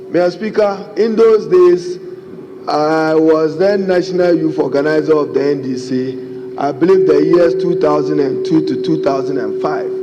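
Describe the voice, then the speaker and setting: Emphatic Ghanaian man addressing parliament. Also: fairly high pitch. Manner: emphatic, formal, keeps addressing the Speaker. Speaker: member of parliament. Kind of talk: parliamentary debate speech. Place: large parliament chamber. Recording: long chamber reverb, faint background noise.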